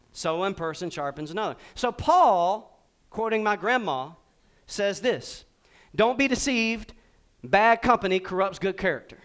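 A middle-aged man preaching a sermon, quizzing his congregation and acting out little scenes with big swings in pitch and volume. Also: clear, resonant tone. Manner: animated, asks the congregation questions. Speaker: pastor.

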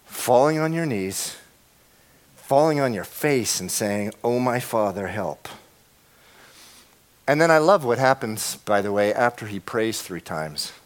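Pastor preaching with big swings. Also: male voice, mid-range voice, lively intonation, measured pace. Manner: swings from hushed to shouting, acts out prayers. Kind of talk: sermon.

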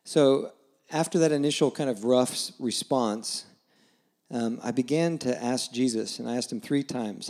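A man in his forties, a guest preacher, telling a personal story in a conversational sermon and dropping low and soft when he quotes scripture. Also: unhurried. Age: 40s.

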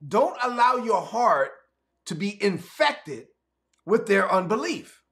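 A man's voice: fairly high pitch, very animated, moderate pace. A man voicing an exasperated, weary Jesus within a sermon, scolding doubters. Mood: urgent warning. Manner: exasperated, preachy.

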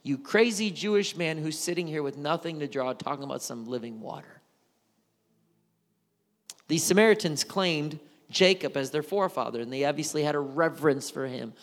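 A man preaching a sermon in an animated, conversational storytelling way. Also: fairly high pitch, normal speed, in a large hall.

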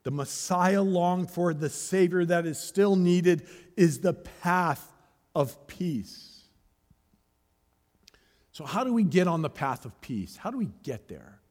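A man preaching a sermon as pastor, swinging between hushed, searching questions and loud, rising calls to the congregation. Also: high voice, lively intonation, slow. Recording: long hall reverb.

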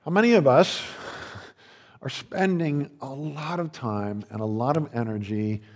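A male pastor at medium pitch takes his time with a casual sermon, often starting over and acting out others' words in playful dialogue. His voice rings with the long reverb of a large hall.

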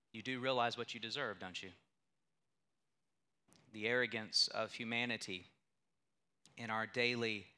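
Young male pastor, very bright tone, emphatic storytelling sermon delivery. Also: mid-range voice, smooth. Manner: storytelling, emphatic with rising intensity.

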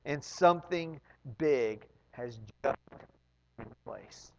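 A man's voice: medium pitch, slow, vocal fry, noisy background. Guy preaching a sermon, repeats himself when he gets going, kinda muffled, lots of hall echo. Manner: animated, swings from loud emphasis to hushed asides; repeats words and restarts when excited. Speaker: pastor.

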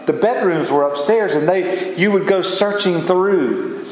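A pastor preaches a sermon in a church sanctuary, earnest and emphatic, often rising into exclamations. His voice sits high and moves a little slowly. The recording is echoey and distant, with a little hiss or hum.

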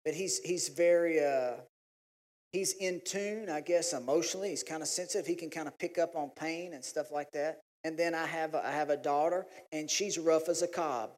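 A man, preaching a sermon in a folksy, animated way. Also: moderate pace. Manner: folksy, animated storytelling, pitch jumps when acting out his family. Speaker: pastor. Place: church sanctuary. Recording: long hall reverb.

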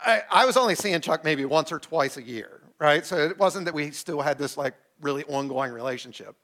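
A middle-aged man who is a pastor, telling a personal story in a sermon with animated, self-deprecating delivery and acted-out quotes. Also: fairly high pitch, fairly quick.

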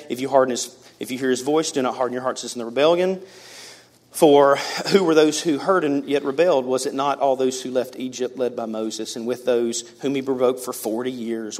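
Man preaching with dramatic swings. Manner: animated preaching, big swings in pitch and loudness; addresses the congregation casually as guys. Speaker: pastor. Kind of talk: sermon.

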